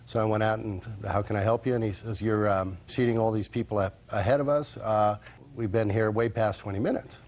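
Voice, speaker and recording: Man, witness, hesitant testimony, lots of fillers, low voice. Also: steady tone, a little fast, a little mellow. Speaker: restaurant manager, witness. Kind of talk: courtroom testimony.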